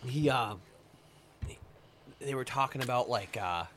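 A man's voice: mid-range voice, a little slow, a bit bright, slight background noise. A man telling a long story in a rambling, profane way during a casual podcast chat. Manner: rambling, profane, retells stories in quoted voices. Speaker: podcast guest.

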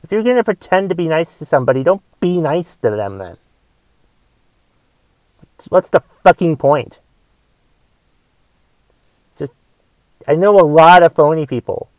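A man's voice: on the high side, a little mellow, no echo, poor audio. A man hosting his own podcast, ranting on his own in a casual, profane way, with many repeats and false starts. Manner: profane, repetitive, frequent restarts. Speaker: podcast host. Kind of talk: casual monologue rant.

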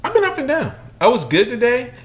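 A man in his thirties co-hosting a sneaker podcast, telling stories in casual, profane chat and acting out loud quotes. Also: very high-pitched, fairly quick. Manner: animated, profane storytelling with loud acted-out quotes. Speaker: podcast co-host.

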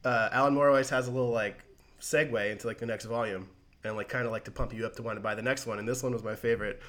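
A man co-hosting a casual podcast, excitedly retelling a comic plot in a rambling, profane way full of "like". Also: mid-range voice, racing. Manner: rambling, profane, heavy use of "like". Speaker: podcast co-host.

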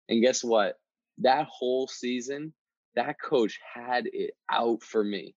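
A man hosting a motivational podcast, telling a personal story in a casual, energetic way and often repeating himself. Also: medium pitch, takes it slowly, no echo. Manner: energetic, conversational, repeats words. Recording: dull, dry sound.

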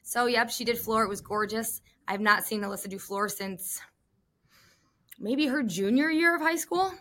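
A woman co-hosting a podcast, chatting casually in an animated, gushing, jokey way. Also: a little high, moderate pace. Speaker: podcast co-host. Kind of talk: casual chat about gymnastics.

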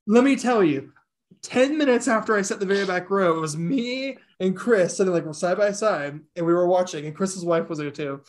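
A man co-hosting a horror podcast, telling stories in a casual, animated way, laughing often and mimicking other people's voices. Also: high-pitched, a little fast. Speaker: podcast co-host. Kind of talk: casual chat.

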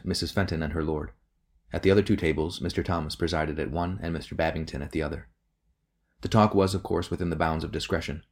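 Deep-voiced male audiobook narrator. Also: darkish tone. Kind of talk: scripted narration of a novel.

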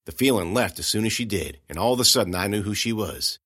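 A man narrating a first-person audiobook in a folksy, conversational way, going hushed at grim moments. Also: lowish voice, animated, quick pace, no room sound.

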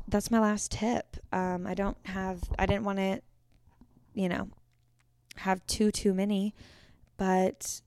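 In her twenties, this podcast host rambles chattily through her casual solo show, frequently correcting herself mid-sentence. Her medium-pitched voice is a little mellow, clear, and resonant, captured in clean studio sound with no room noise.

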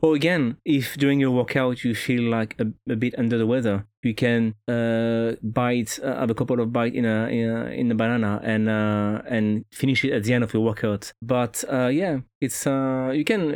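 Podcast guest, male, French accent, halting casual chat, dry close sound. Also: medium pitch, steady tone, darkish tone, clear, resonant tone, dry recording. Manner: hesitant, many fillers and restarts.

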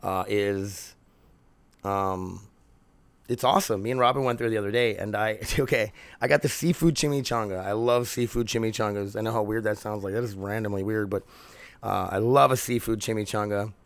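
A man's voice: lowish voice, fairly even intonation, normal speed, no room sound. A man hosting a casual solo podcast from home, rambling, swearing freely and laughing often. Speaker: podcast host.

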